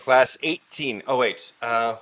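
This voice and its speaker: A man's voice: mid-range voice, takes it slowly, a bit bright. A man playing a tabletop game, talking casually with some hesitation. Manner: hesitant, full of fillers. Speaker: player.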